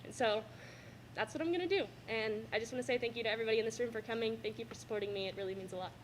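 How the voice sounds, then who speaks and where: A woman's voice: a little high, rapid-fire, a little hiss or hum. Tearful young woman giving a thank-you speech. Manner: tearful, laughing nervously between sentences. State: fighting back tears. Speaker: student athlete giving a farewell speech. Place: school cafeteria.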